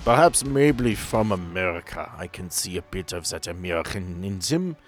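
A man's voice: low voice, lively intonation, normal speed, faint music behind. A man voicing an older, thin male doctor with a German accent, courtly and curious, who often ends remarks with a questioning "yes?". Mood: genial.

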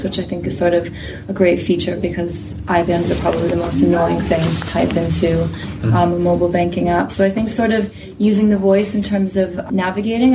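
Flat low-voiced woman, noisy distant mic. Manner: even, explanatory, filler-laden. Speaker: podcast co-host. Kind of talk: casual panel discussion. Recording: distant mic, clear background noise.

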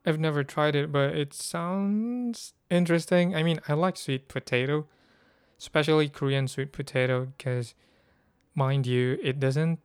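Smooth-voiced man musing aloud. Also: fairly high pitch, measured pace, no room sound, clean studio sound. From Philippines. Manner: rambling, thinking aloud with many fillers. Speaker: podcast host. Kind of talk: casual solo podcast talk.

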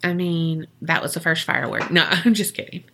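A woman's voice: low voice, animated, a little fast, gravelly, bright, forceful tone, slight background noise. A woman hosting a podcast, telling a story in a casual, joking way with swearing and lots of fillers. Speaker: podcast host.

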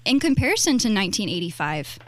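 A woman's voice: mid-range voice, sing-song, fast. A woman hosting a radio food segment, introducing guests in an upbeat way. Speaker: radio host. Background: music bed.

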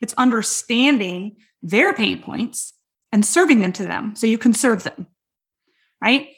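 Loud, high-voiced hyped-up woman. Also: lively intonation, measured pace. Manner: talks straight to listeners with frequent checks like "right?" and "okay?". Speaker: business coach and podcast host. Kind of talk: energetic teaching talk.

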